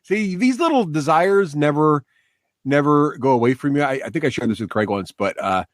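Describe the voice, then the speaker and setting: A man hosting a podcast, telling an animated personal story and asking the guest questions in casual chat. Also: a little high, moderate pace, no room sound, clean studio sound. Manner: storytelling, animated asides, warm backchannels. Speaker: podcast host.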